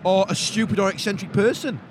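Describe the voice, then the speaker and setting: A man hosting a casual chat, teasing his guests in animated banter at a football match. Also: high-pitched, fairly quick. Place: football stadium stands, outdoors. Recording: noisy outdoor crowd ambience.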